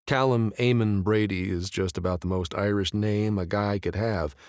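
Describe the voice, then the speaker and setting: A man's voice: fairly low pitch, steady tone, normal speed, a little mellow, clean tone, no room sound. A man narrating a first-person romance audiobook in a casual, wry, conversational way, close to the mic.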